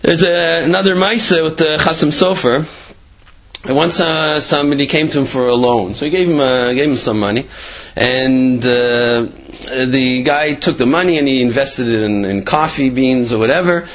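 A man's voice: medium pitch, normal speed, fairly bright tone. Rambling man telling religious stories. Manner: rambling, many fillers and restarts. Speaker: Torah storyteller. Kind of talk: casual religious storytelling. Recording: dull lo-fi recording.

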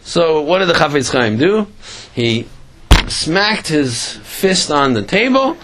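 A man with a somewhat high voice teaches a religious class through storytelling. He halts and restarts his sentences, repeating words as he looks for the next one, and he breaks into animated asides. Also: takes it slowly, slight background noise. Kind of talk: storytelling Torah lesson.

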